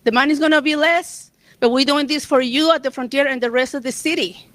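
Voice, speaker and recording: Emotional woman, high voice. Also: brisk, a bit bright, no echo. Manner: emotional, near tears, laughs between memories. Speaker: striking union member on a panel. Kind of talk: personal storytelling on a panel.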